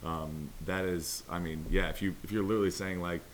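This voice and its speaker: A man's voice: low voice, steady tone, fairly quick, a little hiss or hum. A man talking casually on a podcast, rambling through many fillers and restarts. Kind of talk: casual chat.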